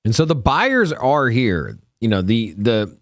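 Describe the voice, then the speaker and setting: Slow, lively low-voiced man talking trades. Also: dry recording, studio quality. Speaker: co-host trader.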